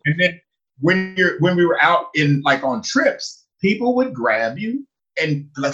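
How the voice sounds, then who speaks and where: Brief: animated male guest, bright edgy tone, acts out the people in his stories. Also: moderate pace, lo-fi sound. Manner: animated, acts out people with big pitch jumps. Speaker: guest who lived in China. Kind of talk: casual storytelling chat.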